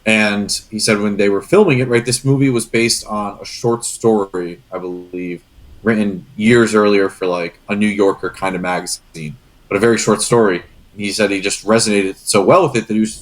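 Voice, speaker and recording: As a guest co-host on a podcast, a young man with a fairly low voice chats casually at a moderate pace with fairly even intonation. He rambles earnestly and grows emotional as he talks.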